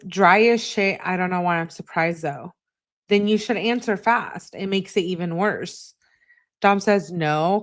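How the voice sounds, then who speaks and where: A woman hosting her channel, casually reading text messages aloud and adding short remarks of her own. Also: on the low side. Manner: reads messages in a flat, unhurried voice with short asides.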